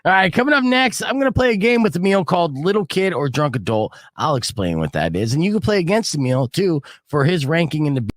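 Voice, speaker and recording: A man's voice: sits high, quick pace, few pauses, no room sound. A middle-aged man hosting a radio show, telling stories with casual banter and dry punchlines into a studio mic. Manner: lively, jokey storytelling with dry punchlines. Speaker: radio and stream host.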